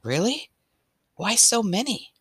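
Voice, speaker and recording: A woman's voice: mid-range voice, big pitch swings, takes it slowly, slightly rough, no room sound, studio quality, pitched above the performer's own voice, full character voice. A woman voicing a curious, inquisitive voice in a read-aloud story that keeps asking questions.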